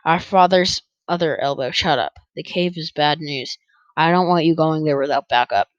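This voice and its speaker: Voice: medium pitch, moderate pace, dry recording, dull audio, lightly acted. A reader voicing a teasing young adult older brother who talks bluntly, read for an audiobook.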